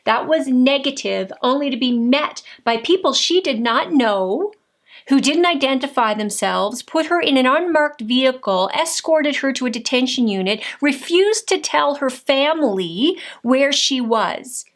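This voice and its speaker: A high-pitched woman, a political vlogger, rants angrily straight to camera at an unhurried pace with lively intonation. Indignant and combative, she fires off rhetorical questions and direct accusations.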